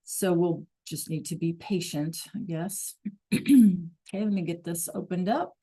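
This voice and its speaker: Woman teacher, live online class, casual and chatty, clears her throat. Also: lowish voice, a little slow, mellow. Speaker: Spanish teacher.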